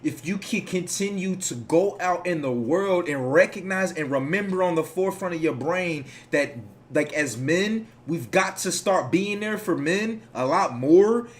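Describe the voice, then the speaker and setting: A man's voice: high-pitched, lively intonation, measured pace, few pauses. A man giving casual reaction commentary, rambling, profane and preachy as he lectures his audience.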